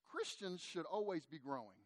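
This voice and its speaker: A middle-aged man, a pastor, preaching a sermon in a conversational, animated way and speaking directly to his congregation. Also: on the high side, moderate pace, no room sound.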